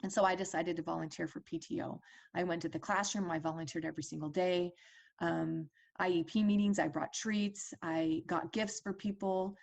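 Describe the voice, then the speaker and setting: A woman's voice: lowish voice, fairly even intonation, normal speed, vocal fry. A woman in her forties telling a personal story as a parent advocate, earnest and conversational with fillers and restarts.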